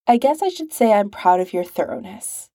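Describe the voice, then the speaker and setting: A woman reading a composed, sincere male agent who speaks in a measured, formal way. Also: mid-range voice, big pitch swings, creaky, dark tone, no echo, studio quality.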